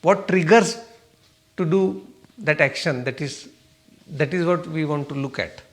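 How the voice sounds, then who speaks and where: A man's voice: on the high side, measured pace. A man giving a spiritual talk to a meditation class, asking the room questions and answering them himself, often checking "okay?". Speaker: meditation teacher.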